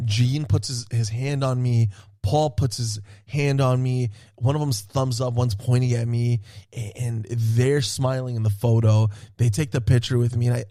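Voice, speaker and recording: A man excitedly telling a story in a casual podcast chat, swearing often and laughing as he talks. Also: mid-range voice, no room sound, studio quality. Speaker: podcast co-host.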